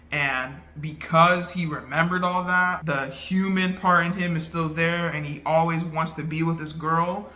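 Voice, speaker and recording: Excitable guy chatting about a movie, slangy and loose, bright voice a bit on the high side. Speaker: movie reviewer. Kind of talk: casual chat.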